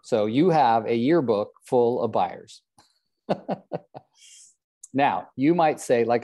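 An older man leads a real estate coaching session, his voice mellow and warm. He teases himself and singles out trainees by name, and his pitch sits in a middle range. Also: unhurried. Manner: joking, self-deprecating, calls on trainees by name. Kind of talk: live group coaching session.

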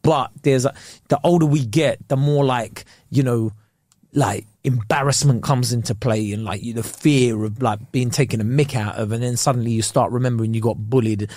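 A man's voice: mid-range voice, steady tone, normal speed, a little mellow, no room sound, studio quality. A young man, co-hosting a podcast in casual, slangy chat full of swearing. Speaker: podcast co-host.

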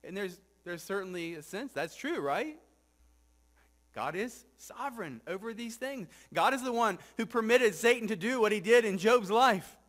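A male pastor preaching a reflective sermon to a congregation, asking rhetorical questions and often dropping soft and low for scripture. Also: lively intonation, normal speed. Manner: asks the congregation rhetorical questions, frequent "right?". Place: church sanctuary with congregation.

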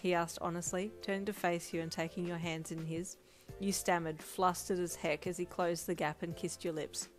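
A woman's voice: fairly low pitch, steady tone, moderate pace. Woman narrating a fan fiction over faint music. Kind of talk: storybook narration.

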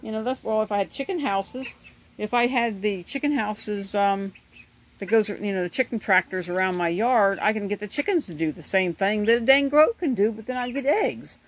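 A woman's voice: medium pitch, lively intonation, moderate pace. A middle-aged woman chatting in a rambling, casual way while filming her ducklings outdoors on a handheld phone, often laughing as she talks. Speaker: homesteader vlogger. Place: outdoors in a yard by animal pens. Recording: faint outdoor noise with birds. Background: ducklings chirping and outdoor ambience.

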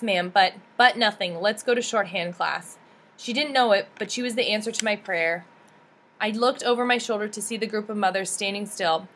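A woman reads a memoir aloud with steady, earnest storytelling. Her pitch sits in the middle of the range and her delivery stays plain and sincere, never theatrical. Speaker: audiobook reader.

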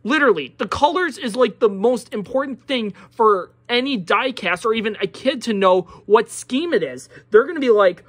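A woman with a Pittsburgh accent giving a profane, exasperated product review, sliding from low muttering into loud outbursts. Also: expressive, moderate pace, few pauses, breathy edge. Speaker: diecast collector reviewer.

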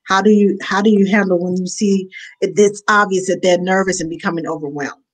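A woman who works as a nanny, hosting a casual interview and chatting in a lively way. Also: medium pitch, fairly quick. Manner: lively, acts out quoted voices. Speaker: host and nanny.

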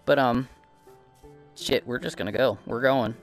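A man's voice: mid-range voice, measured pace, pauses often, faint music behind. A man with a Midwestern accent rambling and swearing casually while commentating his own gameplay. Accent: Midwestern American. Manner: rambling, profane, self-deprecating. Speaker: gaming channel host.

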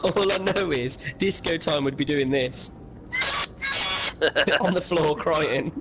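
A man chatting with friends over a game, playful and teasing and quick to laugh. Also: on the high side, huge pitch swings, heavy background noise. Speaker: co-host friend. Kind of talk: casual chat over gameplay.

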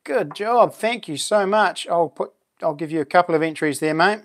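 A man with a New Zealand accent chats casually as the host of a live stream, trailing off and starting over as he talks. His voice sits a little high for a man. His tone stays friendly and easy as he thanks his viewers. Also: moderate pace. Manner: chatty, thanks viewers warmly, lots of fillers and laughs. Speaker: livestream host and knifemaker.

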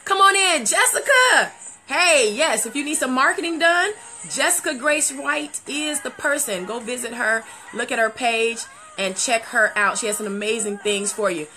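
A woman hosting a live video talk show, excitedly greeting viewers by name in casual talk, with loud high exclamations. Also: moderate pace, faint music behind.

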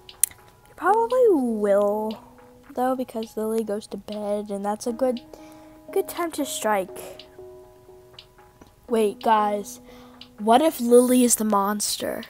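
High-pitched excitable female gamer. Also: a little slow, faint music behind. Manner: excitable, easily startled, repeats exclamations. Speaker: gameplay commentator. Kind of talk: casual game commentary.

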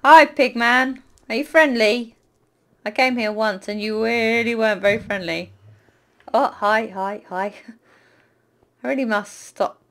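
A woman casually commentating her own gameplay, chatting to the game's creatures and breaking into loud panicked apologies. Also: a little high, steady tone, measured pace, pauses often. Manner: chatty, talks to the game mobs, panics loudly with repeated exclamations. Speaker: gaming YouTuber.

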